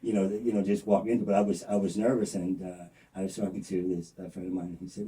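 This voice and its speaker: Interview guest, male, dark low voice, blunt rambling storyteller, distant mic. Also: steady tone, fast talker, hardly any pauses. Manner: rambling, many fillers and restarts.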